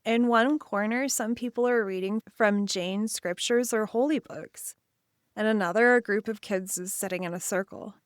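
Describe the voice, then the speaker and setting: A woman hosting and narrating an imaginative guided story and quiz for children, speaking in an expressive second-person voice. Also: mid-range voice, normal speed, clear, resonant tone, dry recording, studio quality. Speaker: children's show host and narrator.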